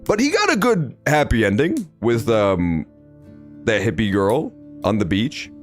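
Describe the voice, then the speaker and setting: A young man streaming a game, reacting loudly and swearing often in casual commentary. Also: fairly low pitch, a little slow, soft background music. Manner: animated, reactive, swears often, loud outbursts. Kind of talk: let's play commentary.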